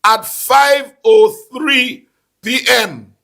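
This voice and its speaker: A man hosting a casual talk show, animated and laughing, repeating phrases for emphasis. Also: very high voice, very slow, creaky. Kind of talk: casual call-in political chat.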